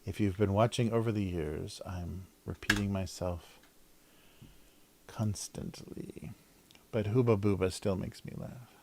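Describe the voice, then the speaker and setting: A middle-aged man with a lowish voice talks at an unhurried pace during a casual drawing livestream. He rambles, breaks off mid-sentence and laughs a lot. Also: fairly even intonation, dark tone, slight background noise. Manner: rambling, self-interrupting, laughs often. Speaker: cartoonist livestreamer.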